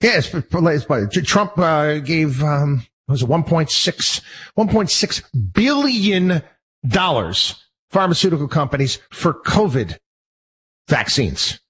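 Male host, husky, heated rambling monologue. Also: a little high, very animated, slow, a bit bright, low-quality recording. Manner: heated, rambling, many restarts. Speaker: show host. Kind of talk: personal monologue.

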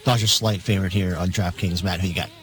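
A man reading sports betting lines on a radio show, matter-of-fact, with halting fillers. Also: sits low, fairly even intonation, faint music behind, rough recording.

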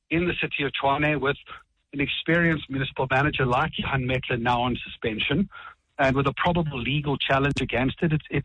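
A South African man speaks in a broadcast political debate, pressing his case with assertive, point-by-point rebuttals. His voice sits a little high and has a husky edge. The recording sounds dull and lo-fi, like broadcast audio. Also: no room sound. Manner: assertive, rapid rebuttals, quotes rules. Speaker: political party spokesman.

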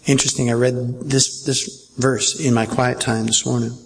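A man's voice: medium pitch, little pitch movement, moderate pace, vocal fry, slight background noise. A man preaching a verse-by-verse sermon as pastor, in a conversational way that keeps checking in with his listeners.

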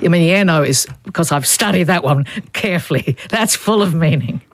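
A language expert guest on a radio talk show, explaining little phrases in a lively, casual way with examples. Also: medium pitch, fairly quick, dry recording.

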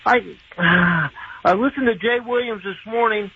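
A man's voice: high voice, a little slow, vocal fry. A man calling into a sports radio show with laid-back, rambling talk. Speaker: caller. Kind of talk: call-in sports chat. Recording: tinny phone line with faint noise.

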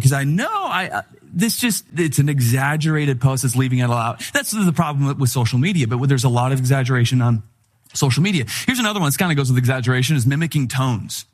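A middle-aged man preaching a sermon in a conversational, humorous style, telling animated stories. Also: medium pitch, fairly quick. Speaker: pastor.

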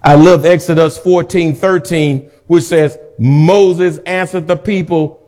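Preacher, male, high-pitched, slow unhurried delivery, swings between quiet reading and loud exhortation. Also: steady tone. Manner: exhorting, calls for congregation to repeat. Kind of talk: sermon.

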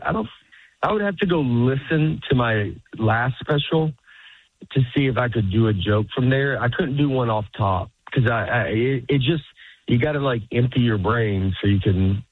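A man's voice: medium pitch, husky, no echo. A man, a stand-up comedian, chatting as an interview guest. He rambles, laughs often and acts out quoted lines. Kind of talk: casual interview chat. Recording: dry phone-like sound.

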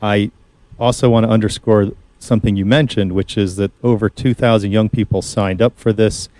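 Low, mellow-voiced male radio host. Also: fairly even intonation, moderate pace, dry recording. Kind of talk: conversational Catholic radio chat.

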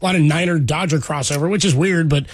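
Husky-voiced male podcast host. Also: on the high side, quick pace, no room sound. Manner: rambling, laughs often. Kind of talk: casual sports chat.

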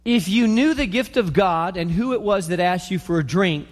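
Calm, measured Jesus, read by a preacher. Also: male voice, high-pitched, lightly acted. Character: calm patient Jesus, speaking scripture. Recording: long reverb.

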